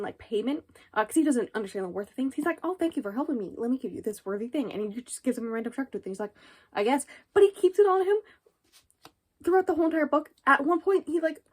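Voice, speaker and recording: A woman with a notably high voice gives a casual book review vlog. She retells the story in a loose, rambling flow, animated and full of fillers.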